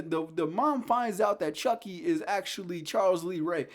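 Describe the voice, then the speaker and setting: Animated, profane male podcast host. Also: high voice, fairly quick, hardly any pauses. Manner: animated, profane, swings from hushed storytelling to loud incredulous rants. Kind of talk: casual solo talk about horror films.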